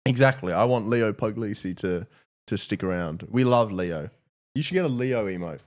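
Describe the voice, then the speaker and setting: Give me a giggly young man with a low but very animated voice, chatting as co-host. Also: normal speed. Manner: giggly, stammering restarts. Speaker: podcast co-host. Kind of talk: casual chat.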